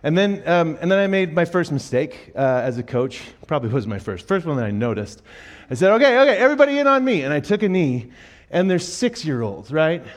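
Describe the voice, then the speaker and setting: Animated storytelling pastor, man. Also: fairly high pitch, moderate pace. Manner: animated, jokey storytelling with acted-out quotes. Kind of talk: sermon with storytelling. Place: church auditorium.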